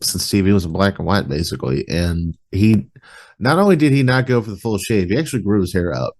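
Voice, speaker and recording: A man's voice: sits low, animated, a little fast, darkish tone. A man hosting a casual podcast chat, talking in a loose, rambling way full of "like" fillers.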